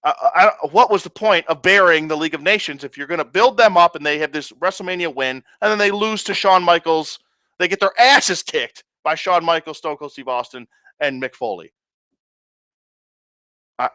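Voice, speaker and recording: A man's voice: a little high, lively intonation, normal speed, pauses often, pushed and bright, no echo. A man ranting in a casual review, profane, sarcastic and exasperated. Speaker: wrestling reviewer.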